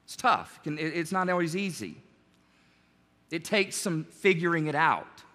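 A man preaching a sermon as pastor, animated and conversational, joking with his congregation. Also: a little high, unhurried, in a large hall.

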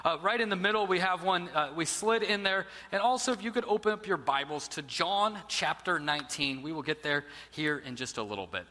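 A man's voice: fairly high pitch, fairly quick, few pauses, bright, forceful tone, long reverb tail. A man who is a pastor preaching a sermon, telling a story with dramatic drops to a near-whisper.

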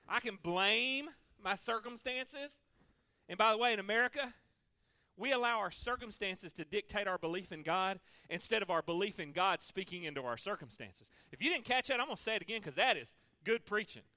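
Man preaching, very high pitched, sharp bright tone, emphatic with repeated lines, dry close sound. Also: lively intonation, a little fast, no room sound. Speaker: pastor. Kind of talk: sermon.

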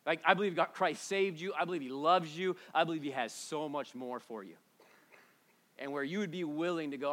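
Male pastor, slightly high voice, loose joking sermon delivery with loud and soft swings, church setting. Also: a little fast. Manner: animated, casual and joking, swings between loud and hushed.

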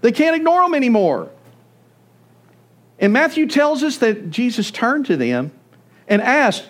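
A man preaching a sermon, telling the story with animated storytelling. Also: extremely high pitch, measured pace, pauses often. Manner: animated storytelling, acts out voices. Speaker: pastor.

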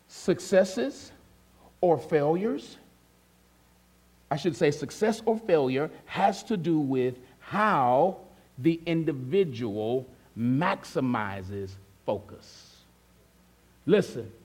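A man's voice: a little high, breathy edge. A male pastor preaching a sermon in a conversational way, often asking the congregation questions and acting out their replies. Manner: acts out listeners' replies in a softer voice.

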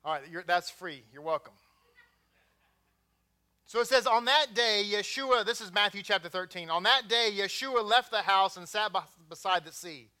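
Bright-voiced Texan man preaching. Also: high voice, moderate pace. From Texas. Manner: conversational, joking asides. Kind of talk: sermon.

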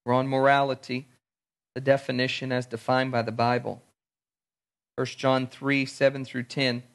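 A man preaching a sermon, animated, acting out little everyday scenes in different voices. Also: medium pitch, moderate pace. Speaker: pastor.

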